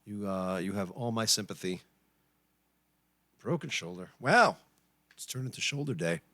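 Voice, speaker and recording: Chatty man in his forties, lively pitch. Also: moderate pace, dry recording. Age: 40s. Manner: chatty, reads out chat, joking puns. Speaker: livestream host and pianist. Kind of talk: casual chat with viewers.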